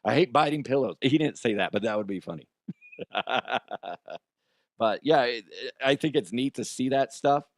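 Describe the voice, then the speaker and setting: A man's voice: mid-range voice, expressive, normal speed, pauses often, dry recording. A man hosting his own podcast, telling stories in a rambling, joking way, laughing at himself and swearing freely. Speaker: podcast host. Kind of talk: casual solo podcast talk.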